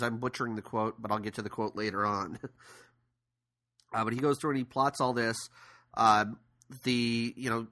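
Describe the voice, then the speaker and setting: Bright-voiced man retelling a film. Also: medium pitch. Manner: rambling retelling with fillers. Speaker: podcast co-host. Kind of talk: casual movie discussion.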